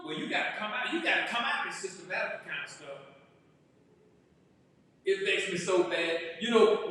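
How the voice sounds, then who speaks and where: A male pastor preaching a sermon, building to shouted emphasis on key phrases. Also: extremely high pitch. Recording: echoey hall, far from the mic.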